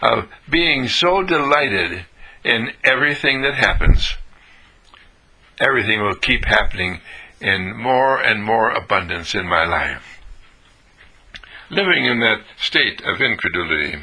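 A man giving a motivational monologue, acting out delighted, surprised exclamations in a lively, swooping voice. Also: lowish voice, measured pace, long pauses, breathy edge. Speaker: inspirational speaker.

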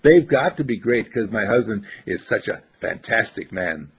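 An older man with a very husky, breathy voice talks about life in a casual, inspirational way. His pitch swings up and down with lively, chuckling energy as he acts out small conversations. The recording is dull and lo-fi. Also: moderate pace. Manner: animated, chuckling, acts out little dialogues. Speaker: speaker giving life advice.

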